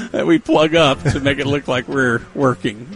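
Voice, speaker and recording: A man's voice: mid-range voice, normal speed, faint music behind. Playful joking male radio host. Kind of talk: casual radio chat.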